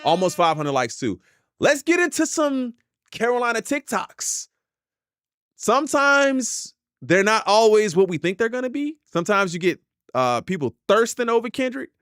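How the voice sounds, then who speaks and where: A man hosting a reaction stream, chatting casually and cutting in with quick asides. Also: high voice, no room sound, clean studio sound. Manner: lively, talks over clips with quick asides. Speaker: host reacting to clips. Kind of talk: casual chat.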